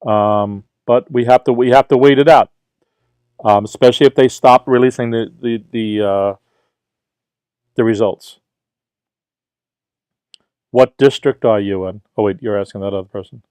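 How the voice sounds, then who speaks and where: A man's voice: mid-range voice, steady tone, normal speed, long pauses, darkish tone, clear, resonant tone, no room sound. A middle-aged man from Brooklyn with a New York accent, hosting a casual livestream as a tutor and chattily reading out viewer questions before answering them.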